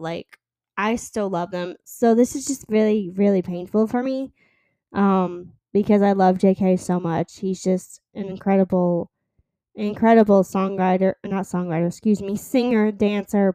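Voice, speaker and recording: A young woman in her twenties talks on her solo podcast in a loose, rambling way, filling gaps with "um" and "like". Her voice is smooth and clean, and the close mic gives a dry sound with no room around it. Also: medium pitch, mellow, no room sound. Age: 20s. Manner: rambling, chatty, lots of fillers and likes. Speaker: podcast host. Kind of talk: casual solo podcast chat.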